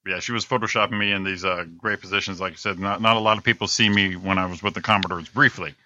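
A man's voice: sits low, fast, lo-fi sound. A man co-hosting an internet radio show, joking bluntly and swearing in casual chat. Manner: blunt, profane, deadpan jokes.

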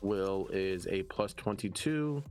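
A man acting as game master of a tabletop game, reading out rolls and halting with "uh" and "um" as he checks numbers. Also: sits low, animated, a little mellow, faint music behind. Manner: halting, fills pauses with "uh" and "um" while checking rolls. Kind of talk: running a tabletop game over voice chat.

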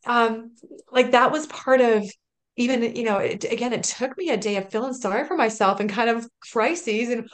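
Earnest woman in her thirties, higher voice. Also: normal speed. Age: 30s. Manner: earnest, emotional, with restarts and laughter. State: close to tears at moments. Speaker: podcast guest. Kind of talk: personal storytelling in an interview.

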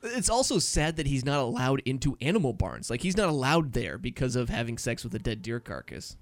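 A man's voice: mid-range voice, very animated, a little fast, no room sound. A man co-hosting a casual podcast, joking and laughing as he tells odd news stories, sometimes putting on voices for the people in them. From New England. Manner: jokey, laughing, puts on voices for quotes. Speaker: podcast co-host. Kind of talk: casual chat.

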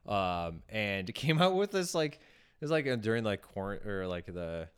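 A man's voice: fairly low pitch, big pitch swings, normal speed, smooth. A man hosting a casual chat, rambling through filler words, swearing and laughing often. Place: near Pasadena.

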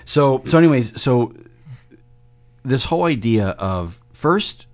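A man's voice: medium pitch, expressive, slow. A man hosting a casual faith discussion, explaining step by step with homespun analogies and often restarting his sentences mid-thought. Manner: frequent self-interrupting restarts.

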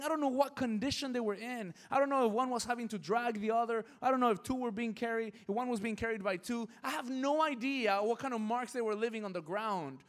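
A middle-aged man preaches with a high, light voice. He talks to the crowd like friends, keeps asking if they get it, and swings between quiet, slow lines and loud bursts. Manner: conversational, keeps asking if listeners follow. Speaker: pastor. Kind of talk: sermon.

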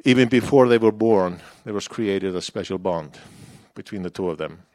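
A man's voice: low voice, normal speed, darkish tone. A man preaching a sermon in a church, in a conversational, personal way that turns the message back on himself.

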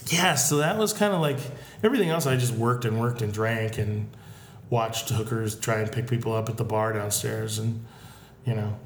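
A man co-hosting a podcast in a casual chat, with dry, deadpan humor. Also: fairly low pitch, normal speed, echoey room, a little hiss or hum. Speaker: podcast co-host.

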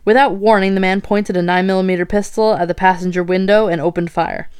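A woman's voice: mid-range voice, fairly even intonation, fast talker, darkish tone, clean tone. A woman co-hosting a casual true-crime chat, reading case details and reacting with gasps and swearing. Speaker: podcast co-host.

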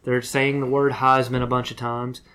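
A man's voice: medium pitch, level tone, moderate pace, a bit bright, clean tone. A man co-hosting a podcast, chatting casually with crude jokes and banter. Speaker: podcast co-host.

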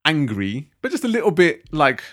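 Man in his thirties, podcast co-host, relaxed and teasing, matter-of-fact delivery. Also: fairly high pitch, normal speed. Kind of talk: casual chat.

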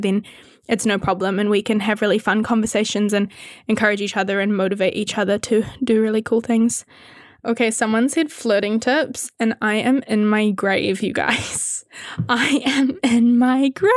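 A young woman with a fairly high voice chats candidly with her viewers, answering their questions while swearing freely and laughing often. The recording is dry and studio quality.

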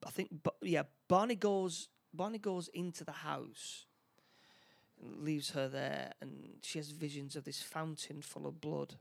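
A man chats loosely as a co-host, tripping over his words and jumping into the characters' lines. His voice is rough and gravelly and sits a little high. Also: steady tone. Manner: halting, many restarts, acts out lines. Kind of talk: casual chat recapping a film plot.

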